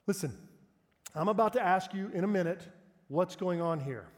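A man's voice: high voice, normal speed. A middle-aged man preaching a sermon, telling family stories in a conversational, self-deprecating way. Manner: conversational, self-deprecating storyteller, breaks into laughter. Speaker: pastor. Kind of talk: sermon with personal storytelling. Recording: long reverb of a large hall.

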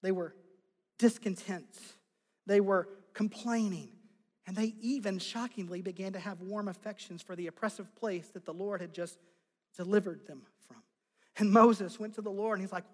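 A man's voice: high-pitched, fairly even intonation, moderate pace, long reverb tail. A man preaching a sermon as pastor, acting out scripture quotes with rising dramatic intensity.

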